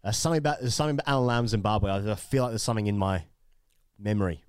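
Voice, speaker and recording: Male co-host, low voice, dry close sound, chatty and hesitant. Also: rapid-fire, darkish tone, clear, resonant tone, dry recording. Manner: chatty, hesitant, laughing easily. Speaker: podcast co-host. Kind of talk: casual cricket chat.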